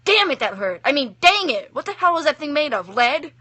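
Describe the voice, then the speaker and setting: Figure: a woman doing a grumpy male grim reaper for a read-aloud story, snappish and flustered, bright voice, dry sound. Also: on the high side, expressive, normal speed, dry recording. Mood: irritated. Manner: exasperated, snappish, easily flustered.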